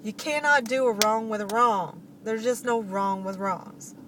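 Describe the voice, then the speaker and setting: Animated woman telling a personal story. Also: a little high, a little slow, recorded from a distance, a little hiss or hum. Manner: animated, laughs often, addresses listeners directly. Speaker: vlogger.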